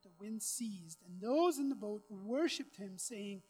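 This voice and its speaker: A woman's voice: mid-range voice, animated, measured pace, mellow, soft background music, low-quality recording. A woman preaching a sermon, chatty with casual asides, then building to emphatic, repetitive preaching. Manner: conversational, with casual asides and self-deprecating humor.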